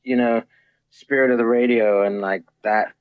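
A man, a musician guest, sharing opinions in casual chat, hesitant and measured. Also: mid-range voice, steady tone, clean tone. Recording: muffled lo-fi call audio.

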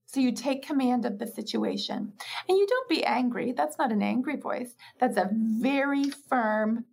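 A woman's voice: fairly high pitch, animated, normal speed, gravelly, darkish tone. A woman speaking as a parenting expert in an interview, reflective and explanatory, who often acts out little parent dialogues and laughs easily.

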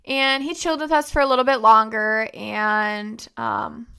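A woman's voice: fairly high pitch, fairly even intonation, measured pace, creaky, bright, forceful tone, clean tone. A young woman hosting a podcast, telling a personal story in a conversational way, with frequent fillers and "like". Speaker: podcast host.

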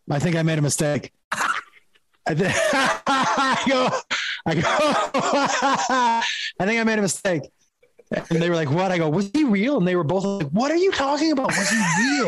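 Against a noisy background, a middle-aged comedian on as a guest tells an amusing story in a slightly high voice. He laughs frequently and impersonates the characters as he quotes them.

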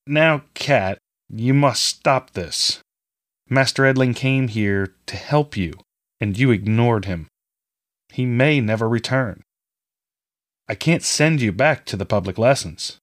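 A man voicing a middle-aged farmer father who speaks gently and kindly to his daughter. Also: medium pitch, takes it slowly, lightly acted. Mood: gentle, fatherly.

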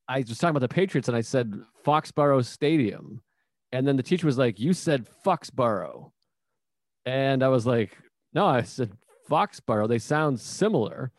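A man's voice: mid-range voice, no echo, clean studio sound. A man hosting a podcast, swearing freely and acting out quotes as he tells rambling stories in casual chat. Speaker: podcast host.

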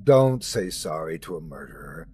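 A man's voice: very deep voice, big pitch swings, moderate pace, darkish tone, husky, voice pushed down, exaggerated voice. A man voicing Jesus as an indignant, resentful young man who complains about his father. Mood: aggrieved.

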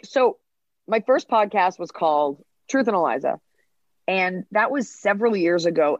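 A woman comedian, a guest on a podcast, telling stories in an animated way and acting out bits of dialogue. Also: deep voice, no room sound, muffled recording. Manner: animated storytelling, acts out dialogue. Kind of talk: podcast interview.

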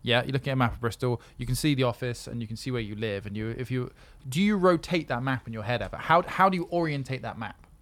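A man's voice: mid-range voice, quick pace, few pauses, a bit bright. A man co-hosting a podcast, chatting casually and laying out his points with examples. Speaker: podcast co-host. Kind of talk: casual chat.

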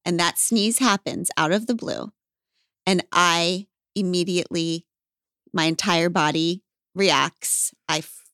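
A woman hosting a podcast, telling stories in an emphatic, animated way. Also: lowish voice, slow, clean tone, no echo, clean studio sound. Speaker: podcast host. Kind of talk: casual podcast chat.

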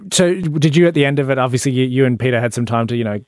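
A man's voice: mid-range voice, rapid-fire, a little mellow, dry recording, studio quality. A man co-hosting a breakfast radio show, bantering and teasing his co-host.

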